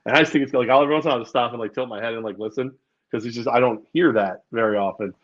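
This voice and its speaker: A man's voice: medium pitch, racing. Male podcast co-host, from new york state, rambling with fillers, dull lo-fi recording. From New York State, outside the city. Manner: rambling, hesitant, laughs often. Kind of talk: casual sports chat.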